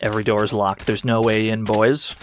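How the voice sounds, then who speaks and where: A man's voice: lowish voice, little pitch movement, brisk. A man giving casual, playful commentary while streaming a game, laughing often and making mock-dramatic remarks. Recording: game music under the voice.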